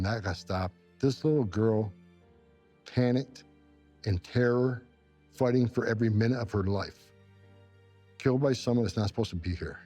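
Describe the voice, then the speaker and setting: A middle-aged man from upstate New York who once directed immigration enforcement gives intense, emotional interview answers, repeating himself when feelings run high. His voice is medium-pitched, mellow and husky.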